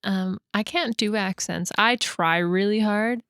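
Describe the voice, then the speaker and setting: A woman co-hosting a podcast in casual chat, halting with lots of fillers and frequent giggles. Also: medium pitch, a bit bright, clear, resonant tone, no echo, clean studio sound. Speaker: podcast co-host.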